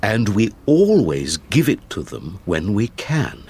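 A man voicing an anxious middle-aged banker in an audiobook, speaking quietly and hesitantly. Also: lowish voice, big pitch swings, takes it slowly, husky, exaggerated voice.

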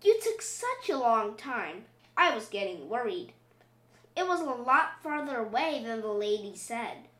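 A loving, worn-out storybook mother, read by a woman, fond yet exasperated. The voice is high and expressive and moves unhurriedly. It sounds from a roomy, echoing space. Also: measured pace. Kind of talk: storybook reading. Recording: roomy echo.

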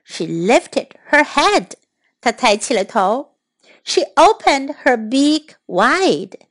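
Woman reading a kids story in two languages, high voice, really slow and clear. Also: sing-song, a bit bright. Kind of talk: bilingual children's story reading.

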